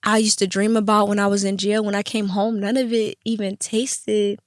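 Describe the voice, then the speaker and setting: A young woman hosting a podcast, telling her story in a casual, animated and profane way, often acting out the voices of others. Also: medium pitch, normal speed, no echo, studio quality. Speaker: podcast host.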